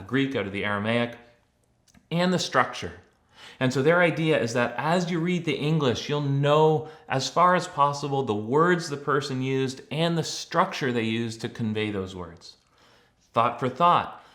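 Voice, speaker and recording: Man explaining calmly to camera. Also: medium pitch. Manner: relaxed and conversational, with frequent uh fillers and restarts. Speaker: Christian blogger and teacher. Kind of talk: casual explanatory talk to camera.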